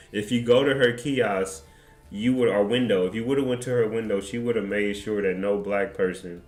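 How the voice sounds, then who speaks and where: Low-voiced man telling stories, profane. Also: a bit bright. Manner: rambling, profane and joking. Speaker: streamer. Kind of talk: casual storytelling chat.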